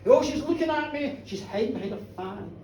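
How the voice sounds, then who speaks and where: A woman voicing a boastful young Galway man who talks in a slow, lingering, romantic drawl, told live in a pub. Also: sits high, lively intonation, heavy background noise. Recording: echoey live bar, from a distance.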